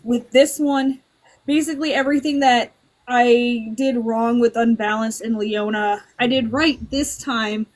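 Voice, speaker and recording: A woman's voice: on the high side, steady tone, measured pace. A woman author chatting casually in an interview, self-deprecating and rambling with lots of fillers. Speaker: author guest.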